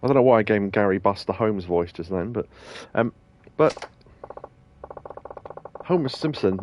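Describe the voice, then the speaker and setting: A man's voice: on the low side, lively intonation, moderate pace, long pauses, a little mellow. Chatty man laughing through gameplay. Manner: chatty, laughs a lot, banters with a co-host. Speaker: let's play host. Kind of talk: casual gameplay commentary.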